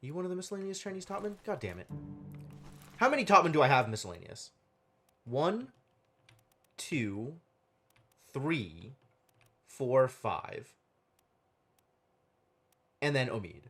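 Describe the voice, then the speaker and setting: Lively man muttering through a puzzle game. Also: medium pitch, unhurried, pauses often, breathy edge. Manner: thinking aloud, muttering and counting to himself. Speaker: game streamer. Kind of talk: live gameplay commentary.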